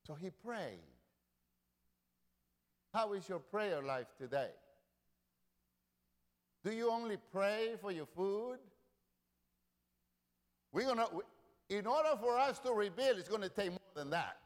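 A man preaching a sermon, repeating lines, swelling loud and falling quiet. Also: high voice, expressive, takes it slowly, long pauses. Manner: rousing preaching with repetition, rising and dropping in volume. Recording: long reverb of a large hall.

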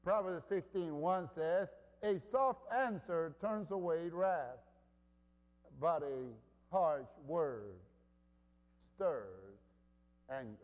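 A middle-aged man from Honduras preaching a sermon as a pastor, slow and emphatic, repeating his key phrases. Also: a little high, expressive. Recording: long hall reverb.

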